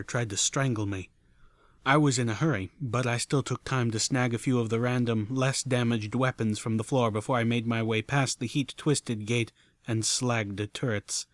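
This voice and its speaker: A man giving an earnest, steady first-person story narration. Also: mid-range voice, normal speed, dry recording. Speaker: audiobook narrator.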